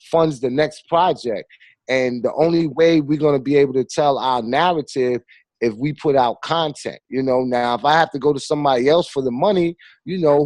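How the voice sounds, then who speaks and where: A man's voice: mid-range voice, no room sound. Man, filmmaker guest, chatty, storytelling with slang and acted quotes, dry close sound. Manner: animated storyteller with street slang. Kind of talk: casual conversation.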